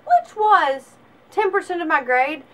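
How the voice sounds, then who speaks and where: A young woman in her twenties from Alabama with a Southern US accent, giving a sarcastic, animated comedic vlog monologue. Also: very high-pitched, measured pace. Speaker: vlogger.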